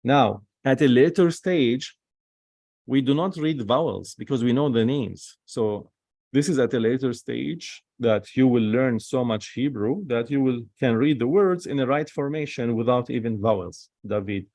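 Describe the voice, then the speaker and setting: A man teaching a recorded Hebrew lesson, slow and patient, repeating each sound. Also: mid-range voice, a little mellow, no room sound.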